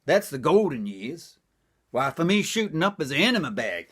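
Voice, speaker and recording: A man's voice: on the high side, very animated, normal speed, a bit bright, breathy edge. An older man doing stand-up comedy, delivering one-liners in a folksy old-timer patter and repeating his punchlines.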